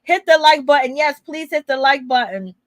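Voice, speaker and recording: Sassy high-voiced woman gossiping. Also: animated, normal speed, no room sound. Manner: laughs often, sassy and teasing. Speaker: gossip channel host. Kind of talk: casual gossip commentary.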